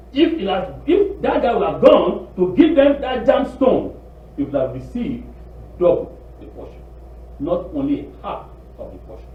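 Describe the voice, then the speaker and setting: A man preaching a sermon in an animated, pleading way, acting out quotes. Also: a little high, far from the mic. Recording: tinny echoey room recording from afar.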